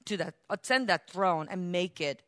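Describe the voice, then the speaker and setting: A woman's voice: expressive, normal speed, fairly bright tone, no echo, studio quality. A woman voicing a boastful male fallen angel in a Bible lesson, raising her voice to sound self-important. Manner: self-important, exclaiming, raised pitch and volume.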